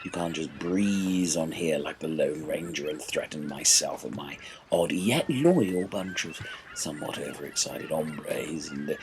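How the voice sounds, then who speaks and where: Deep pompous guy playing a captain in an improv, super lively pitch, hissy recording. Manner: long-winded and pompous. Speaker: ship captain in comedy improv. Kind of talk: improvised comedic role-play.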